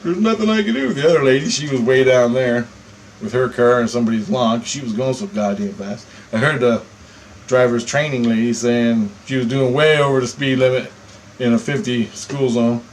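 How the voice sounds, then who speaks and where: A man telling a personal story in a casual monologue, animated and profane, chuckling between lines. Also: mid-range voice, normal speed, a little hiss or hum, rough recording. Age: adult.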